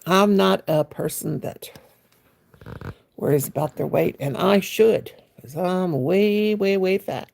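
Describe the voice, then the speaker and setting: A chatty woman, talking to viewers on a phone livestream while she crochets. Her voice is deeply gravelly and husky, and her manner is homey and folksy. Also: slow pace, a little mellow. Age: 60s. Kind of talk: casual live-stream chat.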